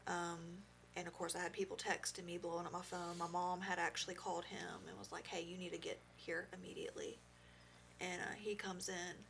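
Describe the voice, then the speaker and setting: A young woman giving heartfelt personal testimony as a podcast guest, halting and full of fillers. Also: on the low side, gravelly, fairly bright tone, slight background noise.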